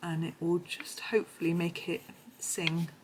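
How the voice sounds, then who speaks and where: A woman with a hoarse voice, chatting her way through a colouring tutorial in a meandering, self-correcting manner. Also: fairly low pitch, completely flat delivery, a little slow, background noise. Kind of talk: casual tutorial narration.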